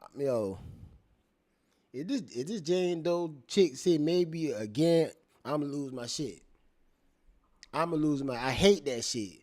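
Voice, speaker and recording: Animated, profane man riffing on camera. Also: a little high. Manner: animated, laughing, repeats phrases. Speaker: commentator reacting to court testimony. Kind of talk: casual profane commentary.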